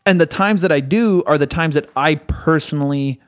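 A man's voice: on the high side, normal speed, clear, resonant tone, dry recording. Thoughtful young man, dry close sound. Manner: thoughtful, hedging, restarts sentences. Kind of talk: casual chat.

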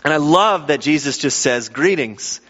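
A man preaching a sermon in a lively, conversational way, acting out the people in the story. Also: on the high side, normal speed. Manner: animated, conversational, acts out quoted voices. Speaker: pastor. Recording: dull sound with long hall reverb.

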